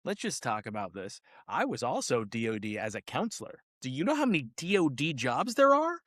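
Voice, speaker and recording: A podcast co-host with a medium-pitched, fairly bright voice rants very animatedly and fairly quickly about a film he found silly, in a casual movie review chat. He adds exasperated asides and quotes lines in mocking voices. The sound is clean studio audio with no room sound.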